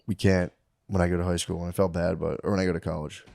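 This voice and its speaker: A man's voice: low voice, level tone, rapid-fire, creaky, darkish tone. A man in his thirties telling rambling, comedic stories as a podcast co-host, full of fillers. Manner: rambling storytelling with lots of fillers. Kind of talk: casual comedic chat.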